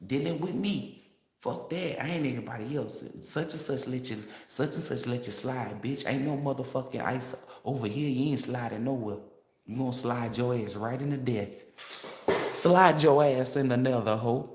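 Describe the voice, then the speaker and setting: A man's voice: medium pitch, moderate pace, darkish tone. A man in a roomy, echoing space, talking in a brash, cussing manner. He reads tarot on a casual stream and laughs a lot as he rants. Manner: brash, profane, laughing often. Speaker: tarot reader. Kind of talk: casual livestream rant. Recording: roomy echo.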